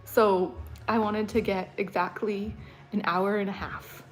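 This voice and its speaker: A woman's voice: medium pitch, fairly even intonation, a little slow, rough recording. A woman vlogger chatting casually on a livestream, rambling and laughing often. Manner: mimics an announcer's voice.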